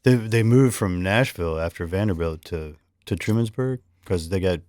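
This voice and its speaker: A man's voice: sits low, moderate pace, darkish tone, no echo, clean studio sound. A man interviewing a musician, asking curious, prompting questions in a casual chat.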